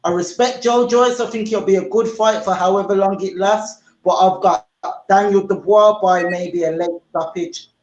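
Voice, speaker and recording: A man with a Birmingham accent giving a relaxed, upbeat fight prediction as a guest. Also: sits high, moderate pace, lo-fi sound. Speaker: guest boxer. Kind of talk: casual chat. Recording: echoey room.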